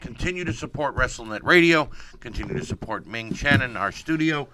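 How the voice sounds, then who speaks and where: A man's voice: medium pitch, expressive, brisk, crowd noise. A man co-hosting a podcast, upbeat as he wraps up the show with thanks. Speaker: podcast co-host. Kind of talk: casual banter, show sign-off.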